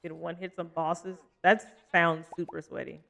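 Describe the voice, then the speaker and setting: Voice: medium pitch, little pitch movement, normal speed, creaky, bright, forceful tone. A young adult livestreamer chatting casually over gameplay, rambling between games, laughing often and answering chat.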